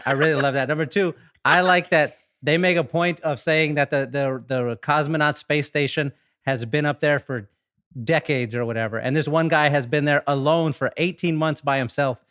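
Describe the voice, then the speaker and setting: Man, podcast co-host, eager, repeats himself for emphasis, bright forceful tone. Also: mid-range voice, fairly even intonation, moderate pace, smooth. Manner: enthusiastic, repeats words for emphasis. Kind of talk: casual movie chat.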